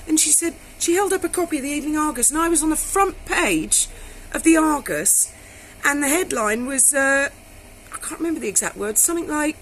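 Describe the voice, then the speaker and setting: A woman's voice: high voice, animated, normal speed, fairly bright tone, a little hiss or hum, poor audio. A middle-aged woman vlogging, telling a story bluntly in casual speech and swearing freely.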